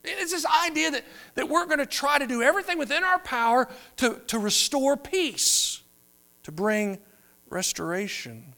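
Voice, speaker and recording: A man preaching a sermon, moving between quiet, drawn-out phrases and louder emphatic ones. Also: very high voice, expressive, gravelly. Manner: preaching with wide swings between soft and loud. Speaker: pastor.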